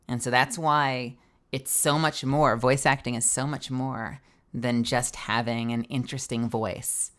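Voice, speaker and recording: Speaking with an extremely low pitch, a woman voice actor chats animatedly on her live stream, cursing freely as she explains the craft of voice acting to viewers.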